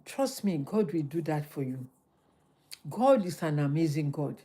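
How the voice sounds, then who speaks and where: Animated woman giving life advice. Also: low-pitched, unhurried, husky. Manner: animated, preachy, repeats phrases for emphasis. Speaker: livestream host. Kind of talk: motivational livestream talk.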